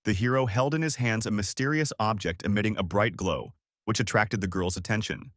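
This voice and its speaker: A man reading scripted narration as he recaps a comic story, in a steady storytelling manner. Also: on the low side, a little fast, no echo, studio quality.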